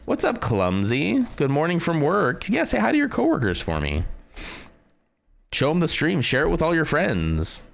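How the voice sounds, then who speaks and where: A man's voice: a little high, wildly swooping pitch, moderate pace, gravelly. A man streaming live, chatting with his viewers and thinking aloud as he plays a location guessing game, greeting people by name. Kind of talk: casual live-stream chat while playing a guessing game.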